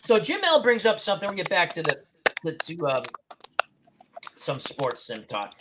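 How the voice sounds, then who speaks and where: A man's voice: sits high, wildly swooping pitch, normal speed. Guy hosting a chat stream, rambly and opinionated, lots of ups and downs, hissy noisy mic. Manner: rambling, opinionated, restarts often. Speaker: host. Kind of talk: casual live-stream chat.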